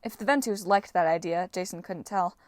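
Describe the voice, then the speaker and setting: A woman narrating a fantasy audiobook in a steady, even storytelling manner. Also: lowish voice, brisk, dry recording, clean studio sound.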